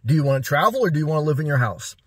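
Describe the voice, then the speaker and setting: A man's voice: fairly high pitch, expressive, slightly rough, dry recording, studio quality. A man vlogging a direct-to-camera advice talk, preachy and repetitive, firing off rhetorical questions. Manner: preachy, rapid rhetorical questions, repeats himself.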